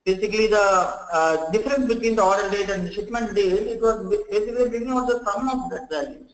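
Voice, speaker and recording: Speaking quickly in a high voice, a man runs a live software training session with step-by-step explanations, frequently restarting sentences and dropping "okay" and "friends." The recording is rough, with an echoey room sound.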